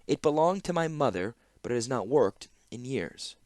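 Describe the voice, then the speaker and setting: A man's voice: mid-range voice, animated, normal speed, a little mellow, no echo, clean studio sound, natural voice. A man reading an audiobook, voicing a spoiled young princess who speaks sweetly but curtly. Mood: haughty. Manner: sweet but curt and entitled.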